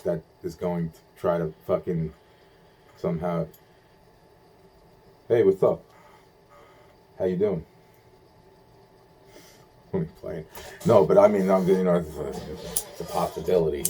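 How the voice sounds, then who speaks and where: A man's voice: sits low, fairly even intonation, normal speed, pauses often, warm tone, husky. A young man rambling in a profane monologue, stumbling through restarts and acting out quoted voices.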